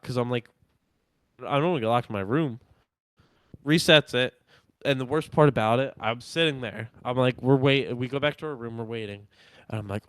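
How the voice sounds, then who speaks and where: A young man co-hosting a podcast, telling a story in animated casual chat and acting out what people said. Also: mid-range voice, clean tone, no room sound. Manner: animated, acts out quotes of himself and others. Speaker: podcast co-host.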